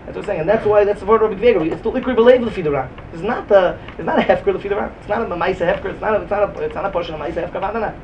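This Talmud teacher, a man with a high voice, speaks quickly through a yeshiva-style lecture marked by an animated, sing-song cadence. The mic sits far away, and faint room noise can be heard.

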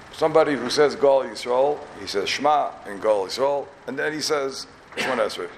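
A rabbi from Borough Park, giving an emphatic yeshiva talk full of repeated questions and wry asides. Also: male voice, mid-range voice, animated, a little fast, slight background noise. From Borough Park, New York.

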